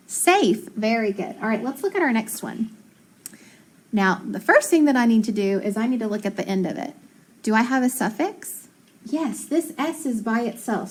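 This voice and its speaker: A woman teaching phonics to young students, patiently sounding out words slowly and clearly. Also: fairly high pitch, a little mellow. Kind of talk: recorded lesson for young students.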